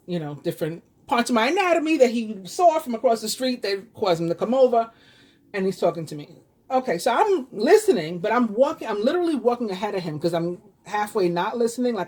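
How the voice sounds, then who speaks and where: A woman in her fifties from New York, a tarot reader with a New York accent, rambles chattily to her viewers while telling a personal story, peppered with fillers and restarts. Her voice has a medium pitch and a darkish tone.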